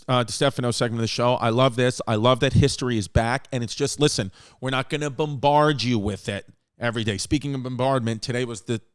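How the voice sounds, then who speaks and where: A man hosting a comedy podcast, with a smooth, resonant voice recorded dry and close. He rambles through stories and acts out his friends' words. He swears casually along the way. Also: mid-range voice, no room sound. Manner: rambling storytelling, acting out quoted friends. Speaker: podcast host.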